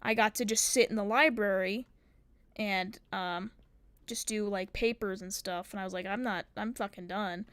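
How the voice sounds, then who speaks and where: A woman's voice: medium pitch, fairly even intonation, moderate pace, a bit bright, smooth, no room sound. A young woman streamer telling a long story in casual chat, rambling, swearing and acting out what people said. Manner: swearing, rambling, acts out quotes.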